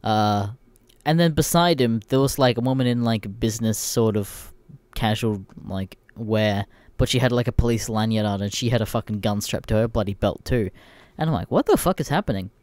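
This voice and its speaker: A man's voice: fairly low pitch, moderate pace, a little mellow, no echo. Foul-mouthed Australian guy ranting. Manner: swears constantly, blunt and irreverent. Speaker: podcast host. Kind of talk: casual ranting storytelling.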